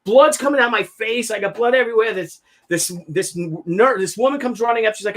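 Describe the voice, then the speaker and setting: Excitable man telling a story. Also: sits high, fairly quick. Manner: animated, acts out the people in his stories; slangy and excitable. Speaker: show host. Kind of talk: casual storytelling chat.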